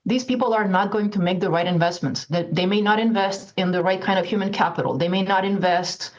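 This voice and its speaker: A woman's voice: medium pitch, a little fast, lo-fi sound. A woman who teaches finance, speaking thoughtfully in an interview, hesitating and restarting as she explains. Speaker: finance professor. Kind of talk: interview soundbite.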